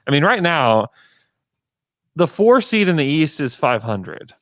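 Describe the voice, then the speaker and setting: A man's voice: fairly high pitch, sing-song, a little slow, fairly bright tone, no echo. A man co-hosting a podcast, talking sports in a casual, emphatic way. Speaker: podcast host.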